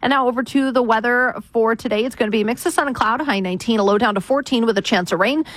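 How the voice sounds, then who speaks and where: A woman giving a brisk radio traffic and weather report. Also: fairly high pitch, no echo. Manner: brisk, rapid-fire delivery.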